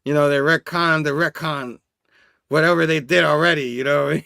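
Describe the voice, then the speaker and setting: A man co-hosting a comic review show, relaxed and chuckling, with many fillers, over a video call. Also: on the high side, normal speed, creaky, dry recording, clean studio sound. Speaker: comic book show co-host. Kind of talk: casual review chat.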